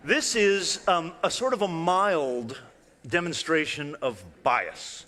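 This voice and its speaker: Male illusionist presenter, bright tone, chatty and playful with a live crowd, big reverberant hall. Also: fairly high pitch, lively intonation, takes it slowly. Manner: conversational, playful, asks the audience questions. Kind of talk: live stage talk with demonstrations. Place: large hall with live audience.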